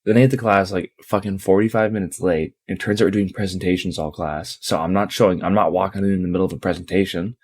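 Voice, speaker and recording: A man's voice: low voice, steady tone, fast talker, few pauses, a little mellow, husky. Tired young man rambling on a podcast. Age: young adult. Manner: tired, rambling storytelling with heavy swearing. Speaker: podcast co-host. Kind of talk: casual podcast chat.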